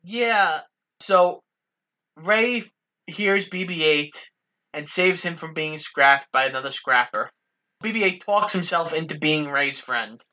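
A woman co-hosting a casual film recap, summarizing the plot in a steady, matter-of-fact way. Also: low-pitched, slow pace. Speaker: podcast co-host.

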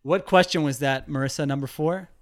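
A man's voice: fairly high pitch, brisk. A man co-hosting a podcast, bantering and teasing his co-hosts with incredulous asides. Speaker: podcast co-host. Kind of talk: casual podcast chat.

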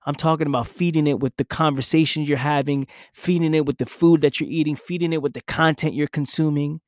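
A man's voice: a little high, fairly even intonation, a little fast, dry recording, clean studio sound. A young man speaking in an intense motivational monologue, acting out his own past inner voice.

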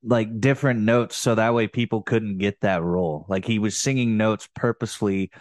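A man's voice: on the low side, moderate pace, a little mellow, no room sound, clean studio sound. A man co-hosting a casual comedy podcast, bantering and joking with frequent laughs. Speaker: podcast co-host.

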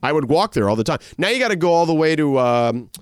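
A male radio host banters easily with his co-hosts, his fairly high voice swinging animatedly up and down. He is recorded close and dry on a studio mic. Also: sing-song, fast, clear, resonant tone, no echo. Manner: easygoing, with big swings in pitch while joking.

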